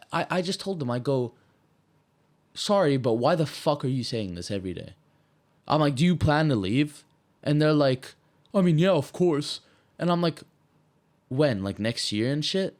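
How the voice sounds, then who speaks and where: Young Maltese man ranting, lively pitch. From Malta. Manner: heated, swearing, fast rambling rant. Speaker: podcast co-host. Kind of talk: casual chat.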